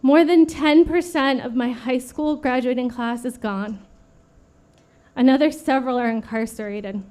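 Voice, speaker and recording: A woman in her late thirties giving an earnest prepared memorial speech at a vigil, steady and read from a script. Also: high-pitched, measured pace. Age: late 30s. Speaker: vigil speaker.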